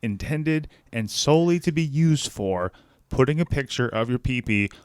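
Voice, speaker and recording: A man voicing a weary call-center worker who answers a customer in a slow, mock-serious, apologetic tone. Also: medium pitch, lively intonation, clean tone, dry recording, close to an everyday voice.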